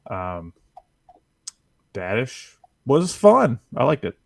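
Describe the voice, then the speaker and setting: A man's voice: mid-range voice, wildly swooping pitch, slow pace, creaky, no room sound. A man chatting casually on a gaming podcast, reviewing a game with lots of fillers and chuckles. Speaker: podcast co-host.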